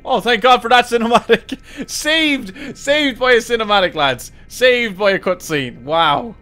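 A young gaming channel host gives excitable live commentary as he plays a video game, swearing, laughing and calling his viewers lads over the game's own sound. His voice is very high and his pace measured, with faint music behind.

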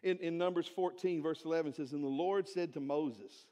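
High-voiced pastor preaching. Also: male voice, moderate pace, hardly any pauses. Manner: animated preaching with rhetorical questions. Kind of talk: sermon. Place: church sanctuary.

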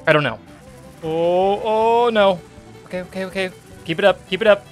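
A young man from the United States hosting his gaming channel, giving jokey let's-play commentary and bursting into yelps and shouts. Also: high-pitched, normal speed, soft background music.

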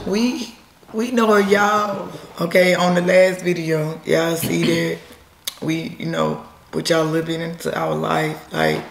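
A woman with a hoarse, nearly lost voice, chatting casually and rambling as a vlog co-host. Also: on the low side, expressive, slow, slight background noise. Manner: chatty, rambling, laughs often. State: hoarse, losing her voice. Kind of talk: casual chat. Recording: echoey room.

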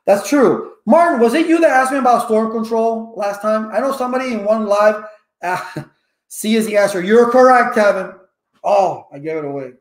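Middle-aged male tech instructor, high-pitched, lecturing viewers casually in an echoey room. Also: moderate pace. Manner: talkative, preachy, addresses viewers by name. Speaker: network engineering instructor on a livestream. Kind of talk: casual live-stream talk.

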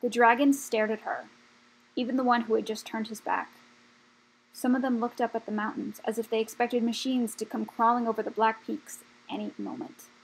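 Woman, audiobook reader, children's story, measured, gravelly, husky. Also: on the high side, level tone, poor audio. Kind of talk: children's book read aloud.

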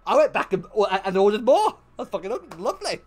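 A man's voice: high-pitched, sing-song, fast talker, soft background music. A man streaming, telling a profane story to chat and laughing often.

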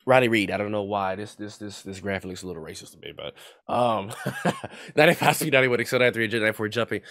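A young man giving casual running commentary over a football video game, trash-talking and yelling when heated. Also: fairly low pitch, rapid-fire, no echo, studio quality. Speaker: gaming YouTuber. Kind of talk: live gameplay commentary.

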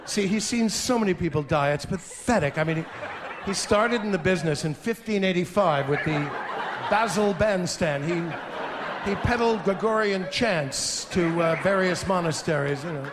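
A man in his fifties performing a stand-up comedy routine on stage, animated, breaking into shouted impressions and sung snatches. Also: sits high, normal speed, long reverb tail. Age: 50s. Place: theater stage before an audience. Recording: live stage mic over a laughing crowd and noise.

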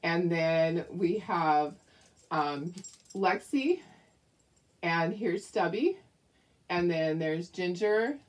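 A middle-aged woman hosts a crafting livestream, chatting casually and affectionately with viewers and greeting them by name. Her lowish voice is very slow, with long pauses.

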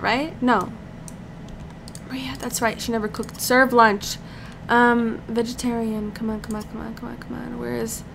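A young woman giving casual commentary over a life-sim game, chatty and easily excited, talking to the characters on screen. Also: a little high, a little hiss or hum. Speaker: let's play commentator.

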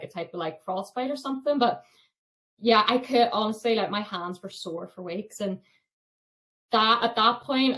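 A young woman guest on a podcast, telling hiking stories in a chatty way, laughing often and full of fillers. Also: medium pitch. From Ireland. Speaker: podcast guest, thru-hiker. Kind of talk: casual storytelling interview.

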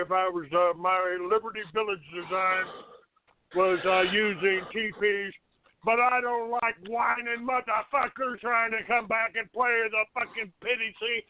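A man's voice: high voice, flat delivery, normal speed, a little hiss or hum. A man hosting a call-in show, hostile and profane, cursing and insulting callers. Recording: tinny phone-like audio.

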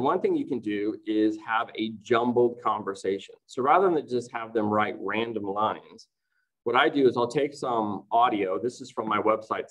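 A man's voice: medium pitch, poor audio. Man giving a chatty teaching talk. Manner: explanatory, chatty, often asks "right?". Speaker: teacher presenting at a conference. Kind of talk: online conference presentation.

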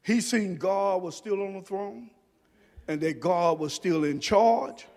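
A pastor preaching a sermon, dropping to soft low murmurs and rising to shouted emphasis. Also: male voice, slow pace, gravelly, long reverb tail. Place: church sanctuary.

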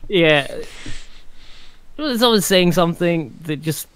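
A man's voice: a little high, animated, unhurried, a bit bright, clean tone. Casual hesitant male player. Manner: casual, hesitant, searching for words. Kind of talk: casual tabletop play.

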